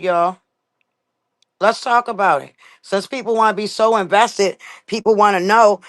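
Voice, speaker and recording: A woman's voice: mid-range voice, fairly bright tone. A young woman with a Baltimore accent, talking bluntly and emphatically to viewers on a casual live stream.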